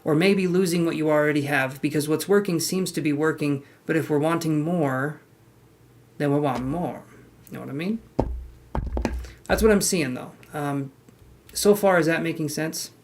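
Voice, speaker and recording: A tarot reader gives a casual live-streamed reading in a medium-pitched voice at normal speed. She's chatty, speaking straight to the viewer with frank asides.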